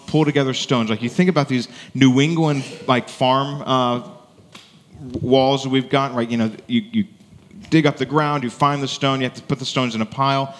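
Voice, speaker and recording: A man preaches in a relaxed, conversational manner, often pausing to check in with his congregation. His voice sits at an ordinary mid pitch. The sound carries a long reverb, as in a spacious church sanctuary. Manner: conversational preaching, frequent "right?" asides. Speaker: pastor. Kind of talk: sermon.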